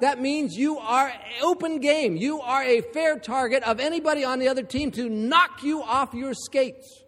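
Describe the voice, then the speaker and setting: High-voiced man preaching in a reverberant hall. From Ohio. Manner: emphatic, builds to forceful repetition. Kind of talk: sermon.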